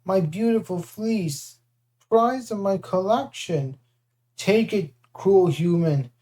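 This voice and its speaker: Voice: medium pitch, slow pace, warm tone, natural voice. A reader voicing a huge brutish male cyclops in an audiobook, whimpering one moment and savage the next, with broken simple grammar. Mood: sulky. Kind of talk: audiobook character voice.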